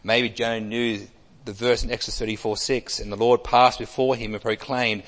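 A man preaching an expository sermon, emphatic, with wide swings between loud and soft. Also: mid-range voice, little pitch movement, moderate pace. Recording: long hall reverb.

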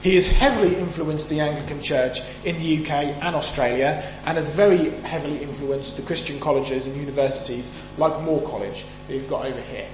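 A man from the UK gives an emphatic Sunday sermon, questioning listeners as he reads and unpacks scripture. He talks fairly quickly with few pauses in a voice on the high side. Echo from the hall and a faint hum color the recording.

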